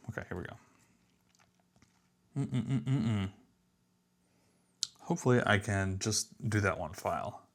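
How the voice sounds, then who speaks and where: Low-voiced man muttering through a coding session. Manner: mutters to himself, trails off, self-deprecating. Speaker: app developer streaming a live build. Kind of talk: casual thinking aloud while coding.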